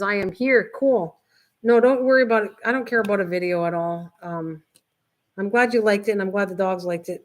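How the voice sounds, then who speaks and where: An older woman hosting a casual craft livestream, chatting in a rambling way and reading viewers' comments aloud. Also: medium pitch. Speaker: livestream host. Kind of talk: casual chat with live viewers.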